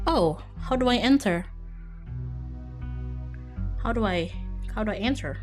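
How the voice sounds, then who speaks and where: Young woman streamer, rambling gaming chat, unhurried, lively voice, faint music behind. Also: medium pitch. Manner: chatty, rambling, laughs often. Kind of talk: casual live-stream chat while gaming.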